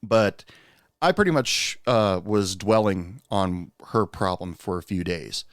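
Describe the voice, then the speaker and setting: A man's voice: sits low, slow pace, no echo, studio quality. A man hosting a podcast, telling a personal story in a candid, rueful, conversational way. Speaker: podcast host.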